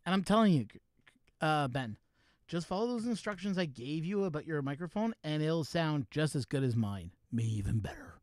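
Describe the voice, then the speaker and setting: A man's voice: on the high side, expressive, normal speed, dry recording. A man from Canada hosting a livestream, chatting casually about microphones with a joking, explanatory manner on a studio mic. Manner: jokey, explains gear, breaks into laughter. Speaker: livestream host. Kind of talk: casual chat to a co-host on stream. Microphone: professional mic wired into a mixer.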